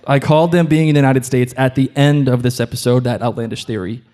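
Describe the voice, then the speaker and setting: A man's voice: mid-range voice, fast. Joking Boston man hosting live. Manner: animated, joking, addresses the crowd. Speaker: podcast co-host. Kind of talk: live podcast chat before an audience. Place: hotel event room.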